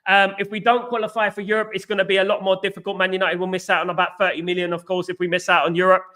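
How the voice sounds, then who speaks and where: A man's voice: high voice, level tone, rapid-fire, pushed and bright. A man with a London accent hosting a live fan stream, chatting animatedly and answering viewers by name with casual slang. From England. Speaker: fan channel host. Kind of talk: live stream chat reading comments.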